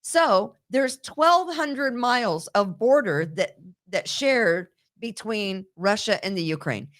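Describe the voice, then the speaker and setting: A woman hosting a casual political talk show, animated and quick to laugh, often repeating words as she goes. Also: medium pitch.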